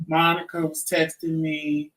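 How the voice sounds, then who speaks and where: A man's voice: fairly high pitch, a little slow, gravelly, recorded from a distance, low-quality recording. A man in his fifties hosting a vlog, telling a story casually and acting out the other people's lines as he goes. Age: 50s. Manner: animated storyteller who acts out quoted dialogue. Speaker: vlog host.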